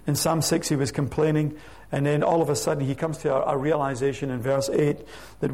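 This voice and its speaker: Male pastor, sermon, slightly high voice, gravelly, slow emphatic scripture reading. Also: level tone, darkish tone. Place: church sanctuary.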